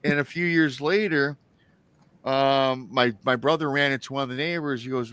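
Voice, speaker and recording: A man's voice: mid-range voice, steady tone, moderate pace, a bit bright, clear, resonant tone, no echo. A man in his forties hosting a live talk show, telling a story casually, with many restarts and asides to his listeners. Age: 40s. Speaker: show host.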